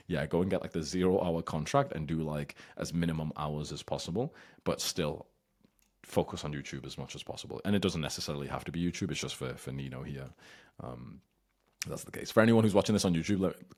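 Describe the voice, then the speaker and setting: A man's voice: a bass voice, slightly rough. A young man giving blunt, casual advice as host, swearing freely and now and then acting out whiny, childish voices.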